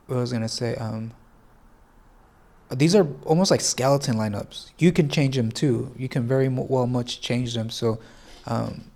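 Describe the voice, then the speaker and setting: A man's voice: mid-range voice, creaky, warm tone. A man hosting a casual tutorial, thinking aloud as he works, hesitant and correcting himself, with a congested voice. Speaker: fantasy sports tutorial host. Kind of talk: casual screen-share tutorial.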